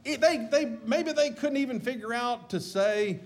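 A man preaching a sermon, retelling a story dramatically as his voice swings from loud to hushed. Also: very high voice, lively intonation, normal speed.

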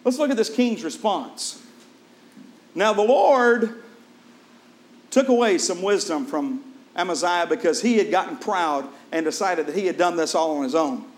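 At normal speed and with hardly any pauses, a man delivers a sermon that vividly retells a scripture story. He asks the congregation questions and drops soft and low whenever a point turns solemn.

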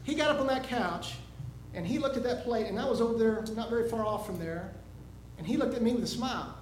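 A high-pitched man delivers a sermon, telling a homely story before rising into loud, emphatic preaching. His voice rings in an echoey room with a faint hiss of noise behind it. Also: animated, brisk.

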